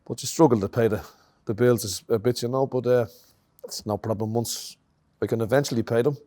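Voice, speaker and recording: A middle-aged Irish man, a musician being interviewed, talking in a relaxed, reflective way. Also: medium pitch, a little fast. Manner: relaxed and reflective, many "you know" fillers. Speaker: musician guest. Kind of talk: conversational interview.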